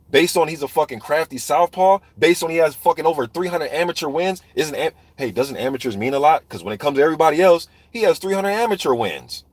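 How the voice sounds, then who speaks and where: A man's voice: a little high, husky, no echo. A man ranting heatedly and profanely about boxing, talking straight to viewers in a live chat. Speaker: boxing commentator. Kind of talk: ranting live stream commentary.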